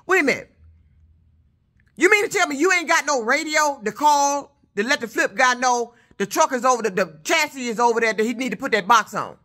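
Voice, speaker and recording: Loud truckin woman with aave venting about her day, high voice, real bright and heated, cusses a lot. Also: expressive, a little fast. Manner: loud, heated, profane storytelling. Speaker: truck driver. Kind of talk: casual vlog rant.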